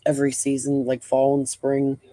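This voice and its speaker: A woman's voice: a bass voice, monotone, normal speed, warm tone, dry recording. A middle-aged woman hosting a casual live stream. She talks bluntly, rambles, swears freely and breathes heavily.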